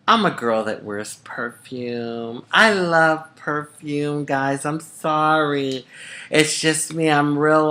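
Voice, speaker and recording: A middle-aged woman from the United States telling a personal story to camera in a chatty, expressive way, often calling the listener honey. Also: rumbling low. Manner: chatty and expressive, calls viewers honey, swoops up for emphasis. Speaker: vlogger.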